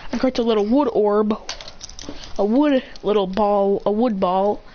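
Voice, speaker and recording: A woman improvising an action fan story, excitable, acting out sounds and shouts. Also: medium pitch, measured pace, lo-fi sound, slight background noise.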